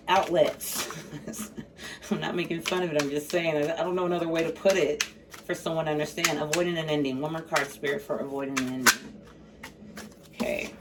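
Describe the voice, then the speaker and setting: A woman giving a casual tarot reading, blunt and profane, with sassy asides. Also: deep voice. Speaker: tarot reader. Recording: slightly distant mic, faint background noise.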